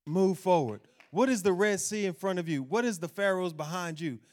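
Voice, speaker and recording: A man with a high-pitched voice delivers a sermon as pastor. He preaches animatedly, turning to speak to the people watching online. He reads scripture out loud with strong emphasis. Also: brisk.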